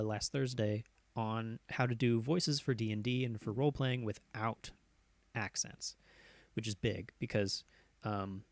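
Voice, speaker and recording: A male host runs a casual live stream, rambling with lots of fillers and tangents, now and then changing his pitch and pace to demonstrate voice tricks. There's no room sound.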